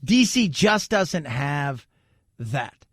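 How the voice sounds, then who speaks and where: A man's voice: fairly high pitch, sing-song, extremely slow, husky, no echo, studio quality. A man hosting a talk radio show, chatty and opinionated, joking as he goes.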